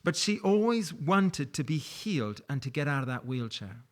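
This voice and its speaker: A man's voice: fairly high pitch, big pitch swings, moderate pace. A man preaching a sermon in a conversational, storytelling way, with light laughs. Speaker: pastor.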